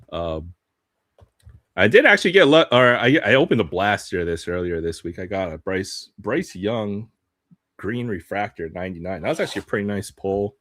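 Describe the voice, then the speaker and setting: A man with a low voice talks casually to his live stream audience while opening cards, laughing often and trailing off into ums. The sound is dry and close, with no room around it. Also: fairly bright tone, no echo.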